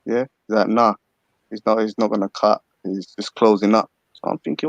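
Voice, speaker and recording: A man's voice: fairly low pitch, fairly even intonation, moderate pace, creaky, dry recording. A man on a livestream panel, telling a rambling story and swearing and laughing often. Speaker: panel guest. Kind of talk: casual livestream chat. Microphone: video call.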